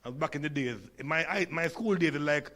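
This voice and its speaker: This humorous conference talk comes from a Jamaican man in his sixties who has a lisp and a stutter. He tells stories and puts questions to the audience, in a voice that's a little high with a sharp tone, at a fairly quick pace.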